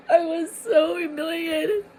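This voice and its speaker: Woman vlogger, high-pitched, halting delivery with repeated words, confessional. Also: dark tone, poor audio. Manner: halting, repeats words while telling a painful story. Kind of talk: confessional personal vlog.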